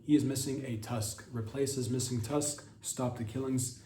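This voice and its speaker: A man hosting a comedy podcast, rambling through crude, deadpan absurd stories in a casual monologue. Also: mid-range voice, normal speed. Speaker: podcast host. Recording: roomy sound, distant from the mic, faint background hiss.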